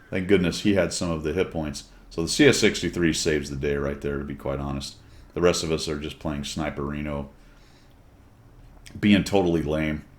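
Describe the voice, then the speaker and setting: Deep-voiced man doing chatty game commentary. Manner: chatty, wry, jokey asides to viewers. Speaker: gameplay commentator.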